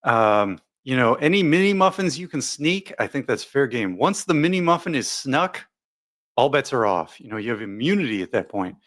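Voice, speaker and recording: Male streamer host, chatty and jokey, mid-pitched voice with a lively, bouncing delivery. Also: normal speed. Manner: jokey, rambling, reads viewer comments aloud. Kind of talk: casual live commentary chat.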